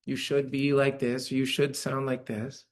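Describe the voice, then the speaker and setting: A man's voice: medium pitch, flat delivery, normal speed. Conversational male meditation teacher. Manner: conversational, often checks in with "right?". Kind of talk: dharma talk to a live audience. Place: church hall.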